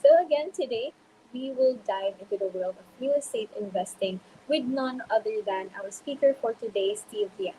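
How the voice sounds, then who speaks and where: A woman's voice: fairly high pitch, normal speed, warm tone, slight background noise, low-quality recording. A woman hosting a live webinar, giving an upbeat, scripted welcome with a few fillers. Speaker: host. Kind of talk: webinar host introduction.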